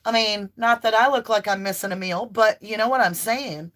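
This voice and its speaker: A woman doing an impassioned tarot reading to camera, emphatic and near yelling at times, with chatty asides to her viewers. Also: medium pitch, normal speed. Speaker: tarot reader and channel host.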